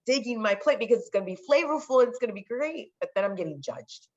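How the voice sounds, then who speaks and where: A woman's voice: on the high side, lively intonation, fast. A woman in her thirties from California, guest on a podcast, telling stories in a chatty way and acting out other people's voices. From California, United States. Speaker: podcast guest, sports marketer. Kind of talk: casual storytelling interview. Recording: slightly dull lo-fi audio.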